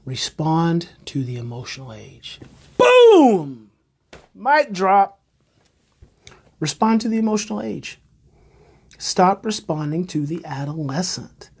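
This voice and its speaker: A man with a husky, slightly breathy voice, speaking live to viewers as a parenting educator. He hammers home his points by repeating phrases and asking rhetorical questions, and he sounds emphatic and engaged. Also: fairly high pitch, animated, normal speed, a little mellow. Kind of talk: live-streamed talk to viewers.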